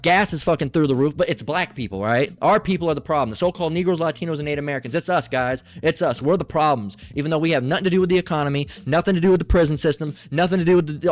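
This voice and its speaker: Angry, profane man ranting scripture. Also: on the high side. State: agitated. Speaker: Bible teacher. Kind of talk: agitated scripture lesson.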